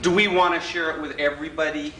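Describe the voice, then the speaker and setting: Speaking fast in a slightly high, pushed and bright voice with fairly even intonation, a man gives a political persuasion workshop talk, teasing, joking, and voicing the people he quotes in his stories. The distant recording catches an echoey hotel function room, a live audience, and faint hiss.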